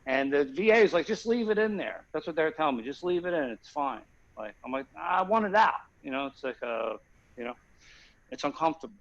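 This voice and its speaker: A man's voice: fairly high pitch, animated, fairly quick, highs cut off. A man telling a rambling comic story on a video call, often asking if the listener follows him. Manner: rambling, keeps asking "you know what I mean?". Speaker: guest comedian.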